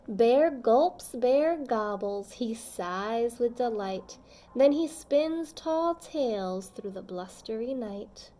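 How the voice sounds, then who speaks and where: A woman reading a children's picture book aloud, gentle and expressive, pausing to chat with young listeners. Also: on the high side. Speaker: storybook reader.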